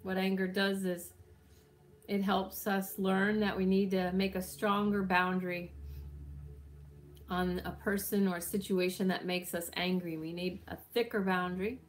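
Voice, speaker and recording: A woman guides a healing meditation with tapping, speaking gently, soothingly, and unhurriedly, yawning now and then. Her voice is medium-pitched with a flat delivery.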